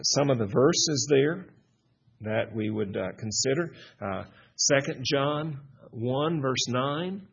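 A husky, mid-pitched man teaches scripture in an earnest, halting way, restarting phrases and leaning on repeated questions. His voice comes through a dull, lo-fi recording. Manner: earnest, many restarts and fillers. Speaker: pastor. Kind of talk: expository Bible teaching.

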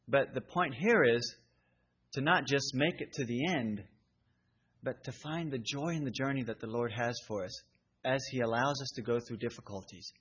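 A man's voice: medium pitch, a bit bright, husky. A man preaching a sermon in an earnest, conversational way. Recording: dull lo-fi recording.

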